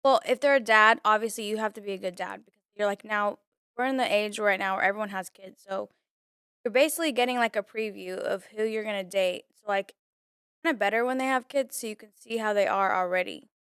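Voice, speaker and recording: Young woman guest, earnest and chatty, smooth high voice, dry close mic. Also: brisk, fairly bright tone, no echo. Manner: earnest, talkative, frequent "like". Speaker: podcast guest. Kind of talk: casual chat.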